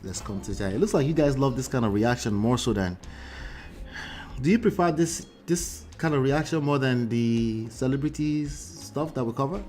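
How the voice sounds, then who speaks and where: Animated man hosting a reaction. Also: mid-range voice, normal speed, soft background music. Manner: animated, mocking, laughs often. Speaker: host reacting to a video with live chat. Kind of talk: live reaction commentary.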